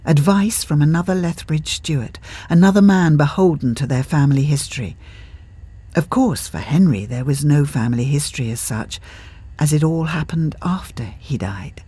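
Husky-voiced audiobook narrator. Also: mid-range voice, moderate pace, dry recording. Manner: steady storybook reading. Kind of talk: scripted narration.

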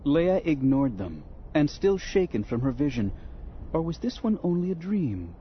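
A man's voice: fairly high pitch, moderate pace, a little hiss or hum. A man narrating an audiobook dramatically, voicing characters along the way. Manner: expressive, acts out voices. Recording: dull lo-fi audio with faint music.

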